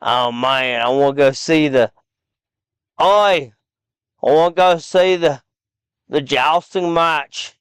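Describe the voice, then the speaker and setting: A man voicing an eager male medieval peasant in a deliberately bad put-on accent. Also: mid-range voice, steady tone, a bit bright, smooth, no room sound, studio quality, lightly acted.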